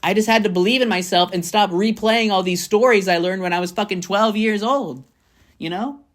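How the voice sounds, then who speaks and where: A young adult woman talking straight to camera in a casual motivational monologue, mid-pitched and full of profanity. She drives her points home by repeating them and jumps between bright high bursts and low, muttered asides. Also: moderate pace. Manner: blunt and profane, emphatic repetitions. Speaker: vlogger.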